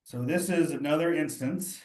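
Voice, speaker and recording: A man's voice: fairly high pitch, normal speed, a little mellow. Man, casual teacher, talks to students directly, thinks aloud, echoey room. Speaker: cheese instructor. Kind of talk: live online study session. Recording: roomy echo.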